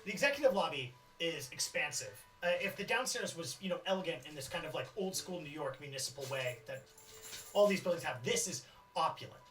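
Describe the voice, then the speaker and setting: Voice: medium pitch, expressive, fairly quick, a bit bright. A game master narrating a tabletop game scene, rambling with many fillers and restarts. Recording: distant mic with faint music.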